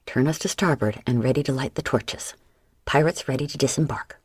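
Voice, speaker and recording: A woman voicing a gruff male pirate first mate who barks orders at his crew in an audiobook. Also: rumbling low, fairly quick, a little mellow, no echo, studio quality. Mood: scheming.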